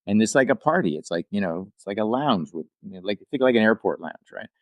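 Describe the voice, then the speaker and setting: A man's voice: fairly low pitch, expressive, fast talker, a little mellow, no echo. An older man, a podcast guest and actor-writer, telling a rambling anecdote casually, with asides and restarts. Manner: acts out quoted people in livelier voices.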